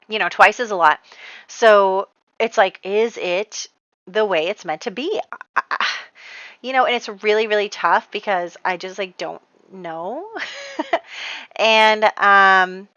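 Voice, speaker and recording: A woman giving casual voice-over commentary on her game, chatty and animated, often laughing. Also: mid-range voice, no room sound, rough recording. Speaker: gameplay narrator.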